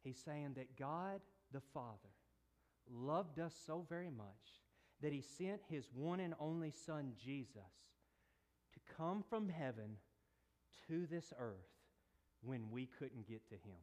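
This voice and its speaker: A man preaching a sermon, retelling a scripture story with playful asides and big swings between quiet and emphatic delivery. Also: lively intonation, slow pace. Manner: storytelling, rises and drops in pitch and volume, playful asides.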